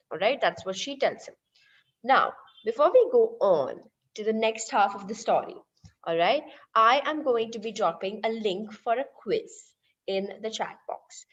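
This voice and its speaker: An animated woman teacher tells a story to her online class, her fairly high voice rising and falling a great deal. She keeps speaking straight to the listeners, and the audio is dull and lo-fi. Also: normal speed. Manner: animated, addresses listeners directly.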